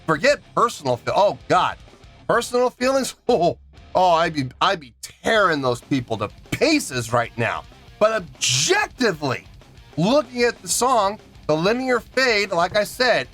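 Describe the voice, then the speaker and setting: Guy ranting hard about a song, high voice bouncing all over, counts beats out loud. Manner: emphatic and indignant, counts out beats aloud. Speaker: music reaction reviewer. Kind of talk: animated rant reviewing a song.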